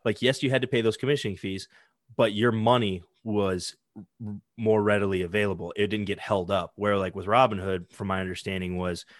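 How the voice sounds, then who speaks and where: A man's voice: fairly low pitch, fairly even intonation, fairly quick, dry recording, studio quality. A man chatting casually, rambling with lots of "like" fillers and some swearing. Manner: rambling, heavy use of "like", swearing. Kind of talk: casual chat.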